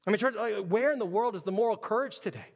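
Man, pastor, sermon, high voice, emphatic repeated questions, echoing church hall. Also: quick pace. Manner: repetitive, emphatic preaching with stammered restarts.

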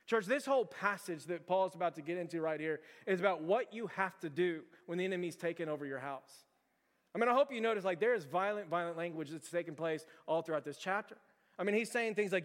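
A man preaching a sermon as pastor, telling stories in an animated, conversational and emphatic way. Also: sits high, fast talker, in a large hall.

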